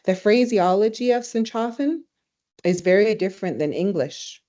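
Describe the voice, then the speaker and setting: A woman teaching a language in a webinar, speaking warmly and reflectively, telling stories and laughing easily. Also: medium pitch, expressive, normal speed. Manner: warm, storytelling, laughs easily. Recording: slightly dull webinar audio.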